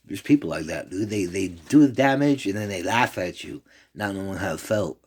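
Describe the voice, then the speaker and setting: A man's voice: sits low, lively intonation, moderate pace, a little mellow, breathy edge. Rambling, profane man talking to camera.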